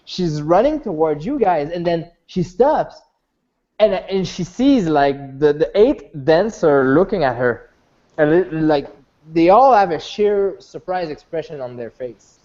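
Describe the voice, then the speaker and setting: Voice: medium pitch, animated, unhurried, dark tone. A game master narrating a tabletop game, rambling and restarting often. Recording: dull lo-fi recording.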